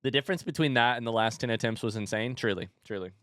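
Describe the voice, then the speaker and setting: With a medium-pitched voice and a fast delivery, a man gives excitable live commentary on his game, addressing himself and his chat and shouting at near misses. The recording is dry with clean studio sound, and clear music plays behind.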